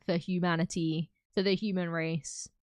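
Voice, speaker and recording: A young woman chats casually with her viewers on a live stream, her voice on the low side with little pitch movement and a moderate pace. She giggles often and fills her talk with "like" and "um," and the recording is dry.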